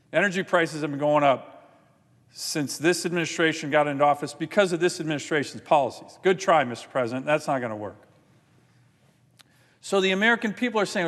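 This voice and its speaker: A man giving an indignant, forceful floor speech as a senator, often repeating his points. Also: fairly high pitch, animated, brisk, big-room sound. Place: large legislative chamber.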